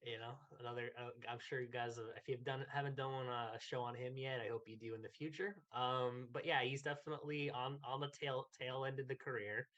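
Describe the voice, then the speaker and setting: A male co-host in laid-back podcast conversation. He speaks at a medium pitch and hesitates a lot, reaching for words with many fillers. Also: steady tone, brisk, few pauses, fairly bright tone, dull audio. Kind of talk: casual chat.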